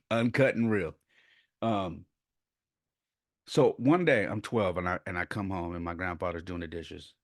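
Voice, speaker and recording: Speaking at a measured pace with frequent pauses, this deep-voiced man from San Jose, California, hosts a podcast from his bedroom while a child sleeps nearby. He rambles through family stories conversationally, restarting and laughing along the way. The sound is studio quality and echo-free.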